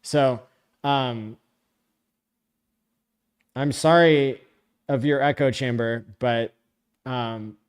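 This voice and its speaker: A man hosting a live stream, reading viewer comments out loud in a blunt, sarcastic, casual way. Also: medium pitch, extremely slow, pauses often, clean tone. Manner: blunt, sarcastic, profane, often laughing.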